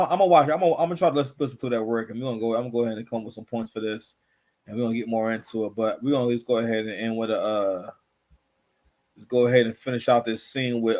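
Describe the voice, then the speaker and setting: A man hosting a casual reaction commentary show, rambling and repeating himself with constant filler phrases. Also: mid-range voice.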